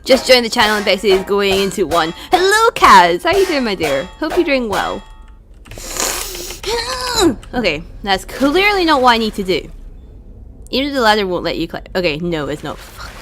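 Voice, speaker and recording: Over music, a young woman streams a video game and chats with her viewers in casual commentary, swearing and letting out frustrated outbursts. Her mid-range voice is sing-song and brisk.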